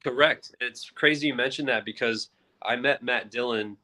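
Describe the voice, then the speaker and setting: A man's voice: medium pitch, moderate pace, bright, forceful tone. A man who is an author guest on a live show, speaking over his phone and telling his story in an earnest, reflective way.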